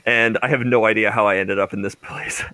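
A man's voice: fairly low pitch, fairly even intonation, a little fast, pushed and bright, dry recording. A young man co-hosting a casual podcast, rambling and laughing often, restarting his sentences. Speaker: podcast co-host. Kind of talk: casual chat.

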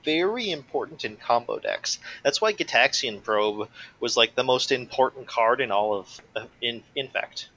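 A man's voice: medium pitch, lively intonation, normal speed, few pauses, pushed and bright, a little hiss or hum, poor audio. A man co-hosting a casual podcast chat, giving analytical, opinionated takes with a lot of "like". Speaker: podcast co-host. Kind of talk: casual chat about a card game.

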